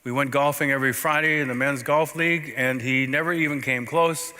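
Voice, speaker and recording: A man preaching a sermon as a pastor, telling a story in a conversational way with sudden swings between loud and soft. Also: medium pitch, steady tone, fairly quick. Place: church sanctuary. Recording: long reverb of a church sanctuary.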